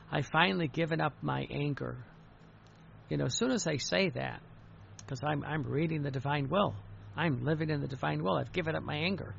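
A man preaching a sermon in an earnest way, often repeating words and quoting in a lowered voice. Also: vocal fry, fairly bright tone, muffled recording, slight background noise.

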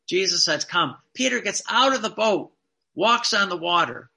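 A man preaching a sermon in an earnest, emphatic way, slowing down to stress key phrases. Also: high voice, expressive, creaky, bright, forceful tone.

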